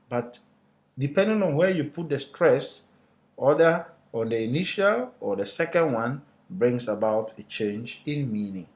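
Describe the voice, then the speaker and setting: A man's voice: mid-range voice, a little mellow. Man teaching a class. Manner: asks the class rhetorical questions and answers them himself; deliberate, explanatory teacher's delivery. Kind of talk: recorded lecture to students.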